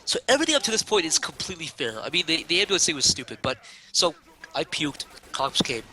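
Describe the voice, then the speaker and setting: Fast-talking bright young man. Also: on the high side, very animated. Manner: rambling, exasperated anecdote with acted quotes. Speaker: streamer. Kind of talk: casual storytelling.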